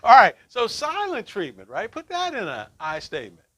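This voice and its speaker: A man's voice: high voice, wildly swooping pitch, moderate pace, a bit bright. A middle-aged man leading a relationship workshop for a group, talking conversationally and often checking in with "right?". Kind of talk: teaching a group class.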